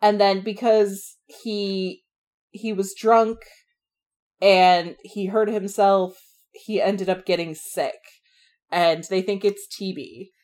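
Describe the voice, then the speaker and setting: A woman co-hosting a casual book discussion, relaxed, adding background explanations. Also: medium pitch, slow. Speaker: book podcast co-host.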